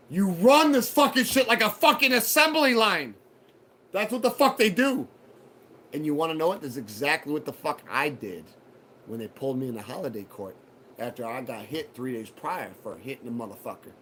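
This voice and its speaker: A man hosting a live show, telling a personal story in a profane, animated way and acting out what others said. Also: fairly high pitch, moderate pace. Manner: profane, animated retelling with acted quotes. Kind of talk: casual storytelling.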